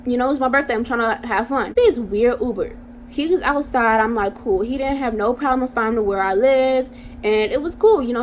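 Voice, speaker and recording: A young woman vlogger telling a casual storytime in an animated, slangy way, talking straight to her viewers. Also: on the high side, slight background noise.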